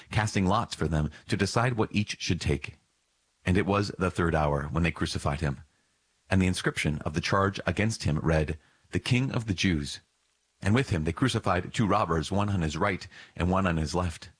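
Deep husky man reading scripture. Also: no room sound. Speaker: scripture reader.

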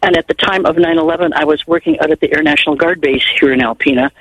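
A woman's voice: low voice, steady tone, fast talker, slightly rough, dry recording, poor audio. An older woman phoning in to a radio show, telling a long rambling story in a chatty way. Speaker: caller. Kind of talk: call-in radio chat.

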